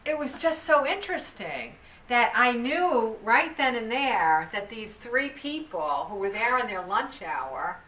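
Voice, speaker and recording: Bright-voiced woman telling a story. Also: a little high, measured pace, few pauses. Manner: lively, animated, restarts and laughs often. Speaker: speaker telling a story to a live group. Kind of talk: storytelling talk. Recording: echoey room from far off, faint noise.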